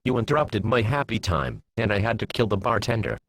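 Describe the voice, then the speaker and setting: A man doing a gruff, sarcastic demon hunter. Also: on the low side, very animated, brisk, a bit bright, a little hiss or hum. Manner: blunt, sarcastic.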